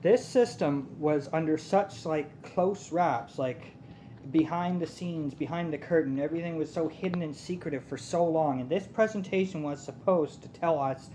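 Mellow-voiced man in an angry rant. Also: fairly high pitch, slight background noise. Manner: angry, profane, halting fillers. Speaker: gaming YouTuber. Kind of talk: casual rant to camera.

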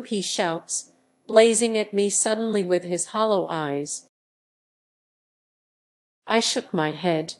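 A woman reading a classic novel aloud as an audiobook narrator, in a measured, steady manner. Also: fairly low pitch. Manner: slow, measured reading with quoted voices kept close to her own. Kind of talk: scripted narration.

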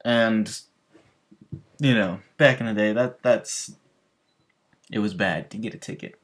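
With a lowish, slightly bright voice at normal speed, a man hosts a gaming channel. His storytelling over gameplay is loose and meandering, peppered with restarts and asides aimed at his viewers.

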